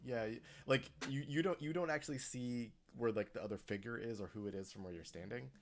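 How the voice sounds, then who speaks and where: Halting game master full of fillers. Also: medium pitch, faint music behind. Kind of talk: narrating a tabletop game.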